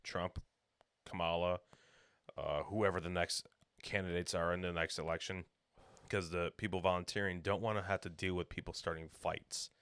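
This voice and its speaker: A man's voice: sits low, fairly even intonation, normal speed, a bit bright, clear, resonant tone, no echo, studio quality. A young man co-hosting a podcast, telling a long jokey story in casual banter and acting out the people in it. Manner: rambling storyteller, jokey, acts out quotes. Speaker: podcast co-host.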